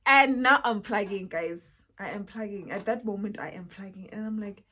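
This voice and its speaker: Young south african girl, raspy kinda breathy voice, animated storytime chat that slips into whispers. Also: medium pitch, moderate pace. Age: young adult. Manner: animated, drops to a whisper for asides. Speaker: vlogger. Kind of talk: casual storytime.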